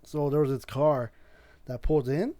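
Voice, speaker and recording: A man's voice: fairly high pitch, steady tone, moderate pace, dark tone. A man hosting a casual podcast, telling a rambling story with lots of swearing and restarts. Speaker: podcast host.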